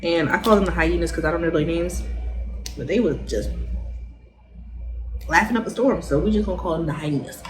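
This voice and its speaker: A young adult woman recapping a TV episode in a casual, slangy way, laughing often and animated. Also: on the low side, fairly quick, pauses often, music in the background, rough recording. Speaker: vlogger reviewing a TV show.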